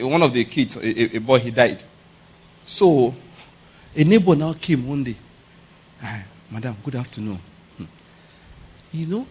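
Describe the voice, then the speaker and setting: Husky pastor preaching. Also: male voice, fairly high pitch. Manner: conversational preaching, keeps asking if the audience gets his point. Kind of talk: sermon.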